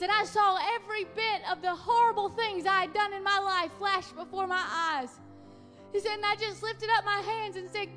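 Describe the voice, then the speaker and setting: A woman preaching a revival sermon in a very high, sharp, bright voice. She tells the story with passion and climbs to ringing peaks. The sound carries a long church-hall reverb with faint music underneath. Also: a little fast. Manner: impassioned, rising to shouted peaks when quoting. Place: church sanctuary.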